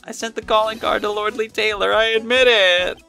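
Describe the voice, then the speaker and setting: A man's voice: high voice, level tone, moderate pace, gravelly, sharp tone, faint music behind, pitched above the performer's own voice, full character voice. A man voicing a panicky young male thief in a game let's play who shrieks frantic confessions.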